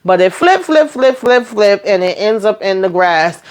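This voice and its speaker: A woman vlogger giving a casual, animated recap of a TV episode. She talks to her viewers in slangy, chatty speech and acts out the characters' lines. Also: medium pitch, normal speed, clear, resonant tone. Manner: animated retelling, acting out dialogue, frequent laughs; slangy, addresses viewers directly.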